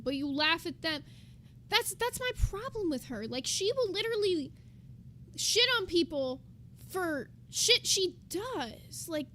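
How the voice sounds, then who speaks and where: A woman's voice: sits high, sharp tone, a little hiss or hum. A woman streamer giving blunt, profane, exasperated commentary while reacting to a clip.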